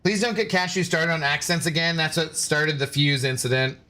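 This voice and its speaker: A man's voice: on the high side, normal speed, sharp tone, soft background music. A man live-streaming a game, joking and bantering as he answers his chat. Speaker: gaming streamer.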